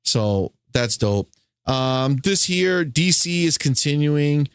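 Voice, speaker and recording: A man co-hosting a casual gaming news podcast, reading news items with fillers and getting excited. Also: fairly high pitch, slow pace, smooth, no room sound, clean studio sound. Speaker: podcast co-host.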